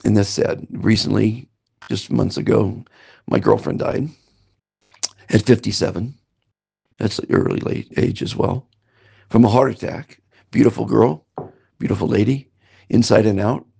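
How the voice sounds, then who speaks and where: A man's voice: fairly low pitch, creaky, a little mellow, slightly rough. An older man from Southern California telling his life story in a meandering, self-promoting monologue with wry asides. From Southern California, United States. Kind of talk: rambling personal monologue. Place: currently in Antigua.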